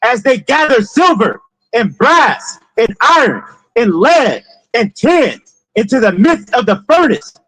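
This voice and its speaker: A man's voice: extremely high pitch, sing-song, unhurried, pushed and bright, rough recording. A man reading scripture aloud in short phrases on a preacher's cue, repeating lines when asked.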